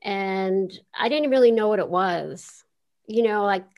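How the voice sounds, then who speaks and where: A woman's voice: mid-range voice, unhurried, highs cut off. An older woman from Queens, New York, a voice actress telling stories as an interview guest in a chatty way, laughing easily. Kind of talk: casual interview, storytelling.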